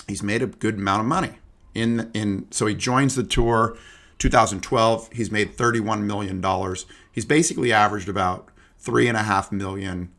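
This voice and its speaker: A man's voice: on the low side, fairly bright tone. A young adult man hosting a casual golf podcast, chatty and loose, full of asides and fillers. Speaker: podcast host.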